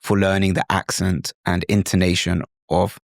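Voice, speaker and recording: A British man hosting an instructional podcast, talking in a lively, demonstrative way and sometimes slipping into mimicked accents. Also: low-pitched, normal speed, gravelly, dry recording, clean studio sound. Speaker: podcast host.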